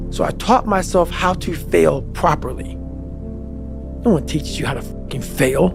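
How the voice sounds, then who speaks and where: A man's voice: high voice, gravelly. A man giving a passionate, emphatic motivational talk as a podcast guest, swearing often and pressing hard on his points. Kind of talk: intense motivational monologue. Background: faint background music.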